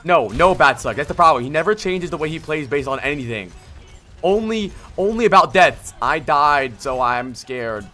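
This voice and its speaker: Streamer guy ripping into a player's vod, bright sharp voice, kinda high, music low behind. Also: lively intonation, normal speed. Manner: blunt, exasperated, swears and shouts at the player. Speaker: streamer doing vod reviews. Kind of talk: livestream game vod review.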